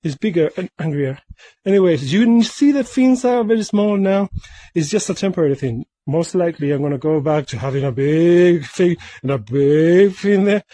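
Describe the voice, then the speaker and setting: Man, sculptor vlogging, playful, rambling, sing-song repeats, mellow tone, dry close sound. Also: fairly high pitch, animated, normal speed, no room sound. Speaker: mask sculptor. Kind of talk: casual workshop vlog.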